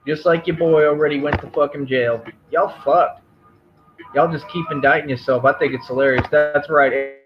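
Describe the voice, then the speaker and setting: A man's voice: on the high side, fairly even intonation, moderate pace, dull audio, music in the background. A man streamer in an angry, profane on-camera rant, taunting and aggressive.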